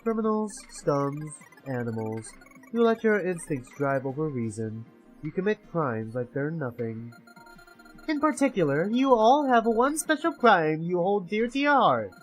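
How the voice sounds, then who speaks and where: A man's voice: a little high, big pitch swings, measured pace, faint music behind, pitched above the performer's own voice, rough recording. A man voicing Me, a taunting mastermind. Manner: taunting, theatrical announcer's delivery. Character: mocking masked mastermind of a death game.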